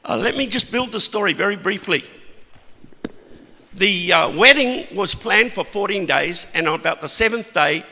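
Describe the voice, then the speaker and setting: A man preaching a sermon, telling a Bible story with animated, emphatic peaks. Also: high voice, vocal fry. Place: church hall. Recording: long hall reverb.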